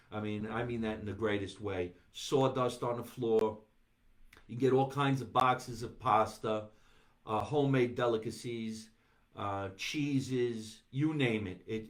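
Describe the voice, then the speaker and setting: A man hosting a live stream from his basement, chatting loosely, reading viewer comments and riffing with animated bursts. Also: medium pitch. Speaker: podcast host. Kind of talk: casual live-stream chat. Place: home basement.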